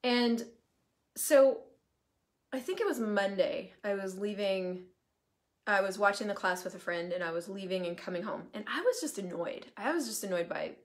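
A woman talks straight to her live viewers in a loose, animated way. She throws in swear words and wanders into asides, and her pitch sits in the middle of her range. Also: normal speed. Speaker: host, coaching facilitator. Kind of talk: casual live-stream monologue.

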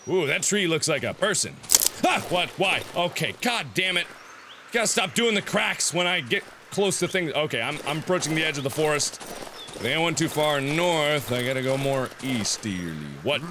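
Jumpy high-voiced man playing a horror game. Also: noisy background. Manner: jumpy, yelps and shouts when startled, talks to the game. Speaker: gameplay commentator. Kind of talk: horror game let's play commentary.

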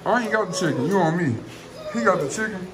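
A man talks casually to his dogs, coaxing and teasing them. His voice sits fairly high and swings widely in pitch. The room sounds echoey, with clear background noise. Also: animated, fast talker. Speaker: dog owner filming his dogs. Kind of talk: casual vlog commentary. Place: at home among feeding dogs. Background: dogs eating and moving about.

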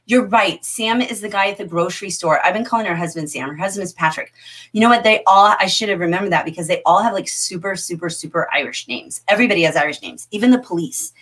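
A middle-aged woman teaching a livestreamed literature class, animated and often laughing as she answers the chat. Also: mid-range voice, quick pace, slightly rough.

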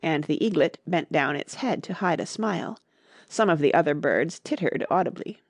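A woman narrating a classic storybook in a clear, measured reading. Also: low voice, lively intonation, no room sound, studio quality. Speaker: audiobook narrator.

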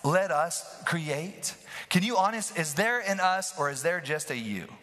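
A man preaching a lively sermon, playful and animated, who often asks the congregation questions. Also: on the high side, unhurried. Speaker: pastor. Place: church hall. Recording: live in a reverberant hall.

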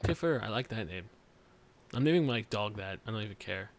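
A man's voice: lowish voice, brisk. A young man hosting an online gaming talk show, joking around and trailing off into mumbles. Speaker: host. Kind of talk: casual chat.

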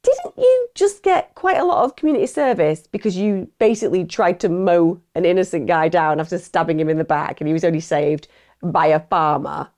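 A sarcastic, indignant detective, as a woman acts her out. She questions the suspect with open disbelief, pressing hard. Her voice sits low with a gravelly edge. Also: lively intonation, a little fast, a little mellow. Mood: incredulous.

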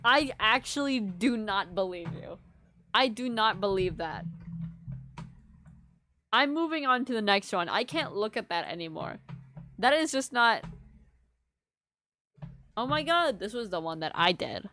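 A woman's voice: mid-range voice, animated, measured pace, pauses often, pushed and bright, faint music behind. A woman streaming live, chatting casually with her viewers and teasing them in a playful, mock-offended way. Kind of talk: casual livestream chat with viewers.

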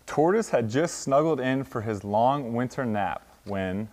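A man's voice: mid-range voice, expressive, unhurried, a little mellow. A young man in his twenties, a college football player, reading a children's picture book aloud with sound effects. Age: 20s. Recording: long hall reverb.

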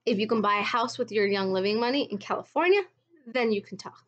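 A woman's voice: mid-range voice, fast talker, lo-fi sound. A woman vlogging at home in a blunt, exasperated tone, with mocking asides. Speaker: vlogger recounting her MLM experience. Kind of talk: casual commentary video.

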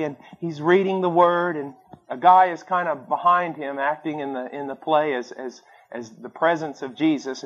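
A man preaching a sermon, telling stories with acted-out voices and swinging between loud bursts and quiet asides. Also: fairly high pitch. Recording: dull lo-fi sermon recording.

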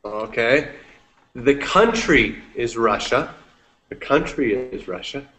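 A man's voice: medium pitch, expressive, takes it slowly, fairly bright tone. A man teaching English one-on-one, patient and encouraging, switching to Spanish now and then to explain. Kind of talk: one-on-one language lesson.

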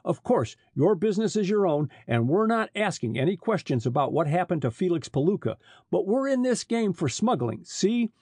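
A man's voice: high voice, very animated, moderate pace, a little mellow, slightly rough, no echo, clean studio sound, voice pushed up, heavily acted. A man voicing a hesitant but stubborn smuggler standing up to his boss, in an audiobook. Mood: wary.

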